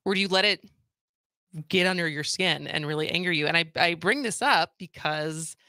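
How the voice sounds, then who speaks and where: Bright-voiced woman radio talk host. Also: on the low side, moderate pace, dry recording, clean studio sound. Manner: energetic, speaks to listeners directly. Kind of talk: radio talk show chat.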